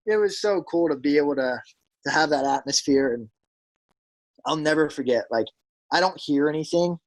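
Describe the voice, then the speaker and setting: Here a young ballplayer from South Jersey, USA, a professional pitcher, guests on an interview and tells casual stories with animation. His fairly high voice moves at a moderate pace with long pauses, and the recording is rough. Lots of "like" fillers come through, and he performs quotes in a raised voice.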